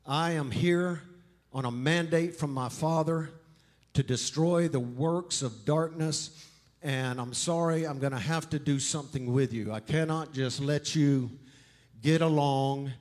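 Brief: man playing a firm, measured male figure laying down his mandate. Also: fairly high pitch, darkish tone, lightly acted. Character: calm authoritative male teacher commanding demons.

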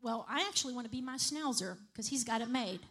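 A woman's voice: fairly high pitch, lively intonation, brisk, a bit bright. A woman preaching a sermon in a conversational way, often checking in with the congregation. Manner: conversational, repeats "right?" and "okay?" to the congregation.

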